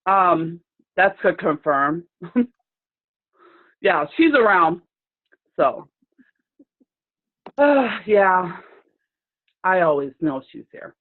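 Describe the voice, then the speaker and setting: Woman telling a story over a tinny call. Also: fairly low pitch. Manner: rambling, halting, with many restarts. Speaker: participant sharing a story. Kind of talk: emotional personal storytelling. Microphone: video call. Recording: tinny phone-like video call audio.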